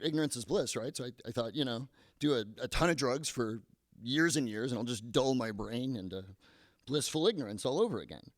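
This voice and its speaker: A man's voice: medium pitch, fairly quick, no room sound. A man in his thirties doing a stand-up set, self-deprecating and stammering into his punchlines. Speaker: stand-up comedian. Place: comedy club stage.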